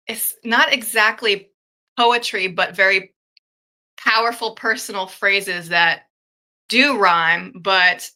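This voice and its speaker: A woman guest in a casual chat with a bright, forceful tone that cuts through clearly. She tells stories expressively, with a mid-range pitch. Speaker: guest artist.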